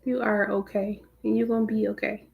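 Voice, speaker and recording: A woman's voice: mid-range voice, level tone, a little fast, vocal fry, narrow, tinny audio. A woman hosting a live stream, greeting her viewers by name in a casual, chatty way. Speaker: livestream host.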